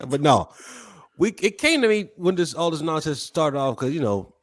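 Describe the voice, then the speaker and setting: A man's voice: fairly high pitch, very animated, normal speed, no room sound. A man on a casual gaming podcast panel, talking in a laid-back, slangy way.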